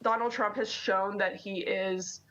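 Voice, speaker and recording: A woman answering interview questions in an articulate, steady way. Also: medium pitch, measured pace, muffled recording. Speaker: interview guest.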